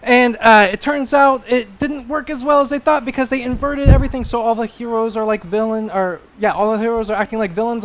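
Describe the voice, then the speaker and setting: Young man, high voice, excitable, rambling, lots of uhs, casual comic recap. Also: a little fast, few pauses, soft background music. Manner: excitable, rambling with many fillers. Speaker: panelist.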